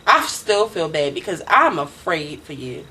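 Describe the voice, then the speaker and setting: Animated woman recapping a TV episode. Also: low voice, measured pace, poor audio. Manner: animated, swearing, acts out characters' lines. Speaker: co-host of a TV recap show. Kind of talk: casual recap chat.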